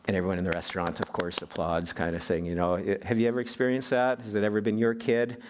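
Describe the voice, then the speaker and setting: A man's voice: on the low side, little pitch movement, fast talker. Emphatic male pastor preaching. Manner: emphatic, often restarts and repeats words. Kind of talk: sermon.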